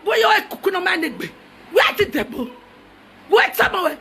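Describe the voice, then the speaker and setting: A woman's voice: extremely high pitch, very animated, moderate pace, pushed and bright. A Nigerian woman delivering a heated, taunting rant that switches between languages. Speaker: social media personality.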